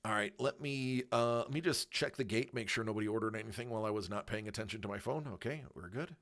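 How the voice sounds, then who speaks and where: Bright-voiced rambling male streamer. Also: lowish voice, fast. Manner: rambling, tangent-prone, with laughs and fillers. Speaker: livestream host. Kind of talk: casual livestream chat.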